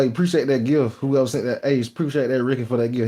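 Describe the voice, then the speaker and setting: A man's voice: medium pitch, fairly even intonation, quick pace, warm tone. A young man with a Texas Southern accent, hosting a live stream, rambling and bragging in slangy casual chat. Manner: boastful, rambling, slangy storytelling.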